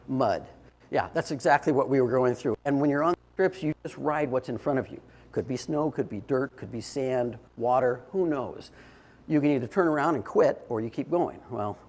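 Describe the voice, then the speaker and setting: A man's voice: medium pitch, a little mellow. Older man giving a storytelling talk. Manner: conversational storytelling with frequent restarts and fillers. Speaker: speaker giving a short workplace talk. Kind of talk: informal presentation to an audience. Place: indoor event space.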